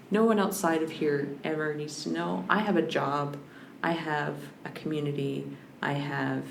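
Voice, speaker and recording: A woman's voice: low voice, steady tone, normal speed, creaky, hardly any pauses. A woman guest on a podcast, a language scholar, talking in a reflective, searching way with frequent restarts. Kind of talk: reflective conversational interview. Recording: roomy with faint background hiss.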